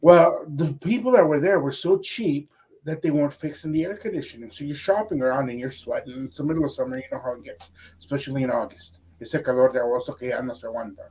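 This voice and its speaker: A man's voice: medium pitch, fast talker. Middle-aged man, podcast co-host, easygoing storyteller, mixes in a little Spanish. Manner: relaxed storyteller, slips into Spanish phrases. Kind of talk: casual storytelling chat.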